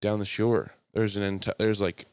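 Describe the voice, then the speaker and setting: A man's voice: lowish voice, flat delivery, moderate pace, a little mellow, smooth, dry recording. A man co-hosting a podcast in a casual, rambling chat, laughing often and joking. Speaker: podcast co-host. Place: room with co-hosts.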